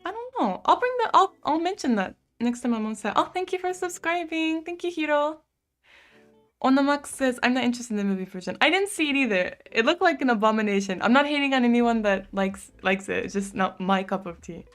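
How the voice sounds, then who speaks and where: A woman's voice: fairly high pitch, lively intonation, fairly quick. A young woman live-streaming from home, casually chatting and answering viewer comments with lots of "like" fillers. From United States. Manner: chatty, frequent "like" fillers, soft cooing asides to her cat.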